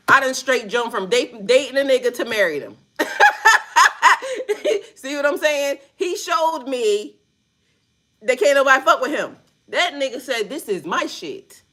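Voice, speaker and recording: Laughing, animated woman reacting to a clip. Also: on the high side. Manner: laughing often, loud and playful, profane slang. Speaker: vlogger reacting to a news clip. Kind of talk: casual reaction commentary.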